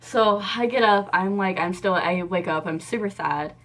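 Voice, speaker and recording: A young adult woman telling a personal story in a casual vlog, animated, acting out the dialogue and laughing often. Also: lowish voice, moderate pace. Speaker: vlogger.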